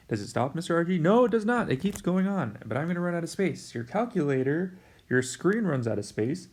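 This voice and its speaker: A man teaching a recorded math lesson in an easygoing, chatty way, with a voice of middling pitch for a man. He speaks straight to his students, checking in with them often and joking about his own slips as he works through the steps. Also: animated, moderate pace, a little mellow.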